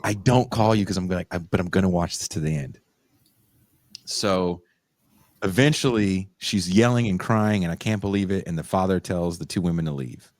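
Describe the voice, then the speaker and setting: Chatting casually on a podcast, a deep-voiced male co-host animatedly recounts a story, leaping into abrupt high-pitched shrieks whenever he voices the quotes. The recording is close-miked and dry, without any echo.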